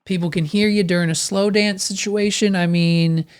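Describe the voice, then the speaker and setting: A man's voice: high voice, fairly even intonation, moderate pace, smooth. A man co-hosting a podcast, casually recapping a TV episode with rambling restarts. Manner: rambling, lots of fillers and restarts. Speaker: podcast co-host.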